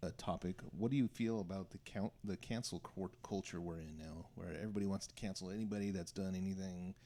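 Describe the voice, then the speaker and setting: A man hosting a casual podcast chat, joking, blunt and quick to laugh. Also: low voice, fairly even intonation, mellow.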